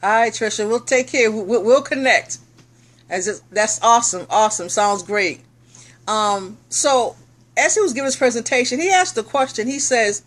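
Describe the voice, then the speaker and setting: A middle-aged woman talking casually to viewers on a live stream, excited and encouraging, thanking people as she tells a personal story. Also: fairly high pitch, moderate pace. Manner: excited, animated, preachy encouragement.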